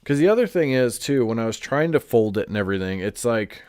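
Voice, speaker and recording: A man's voice: mid-range voice, animated, fast talker, a little mellow, smooth, dry recording. A man chatting casually on a live stream, congested and rambling with lots of "like" and restarts. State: stuffed up, congested.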